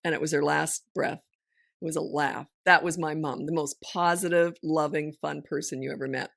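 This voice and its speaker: A middle-aged woman hosting a parenting podcast, talking frankly in casual chat and telling stories with quick asides. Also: sits low, creaky, no echo, studio quality. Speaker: parenting coach and podcast host.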